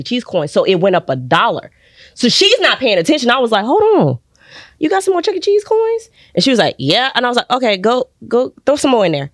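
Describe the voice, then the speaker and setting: Lively woman storyteller, dry close sound. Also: no room sound. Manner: lively, acts out quoted voices with sudden high jumps. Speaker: podcast guest, actress. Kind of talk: animated personal storytelling. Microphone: studio podcast mic.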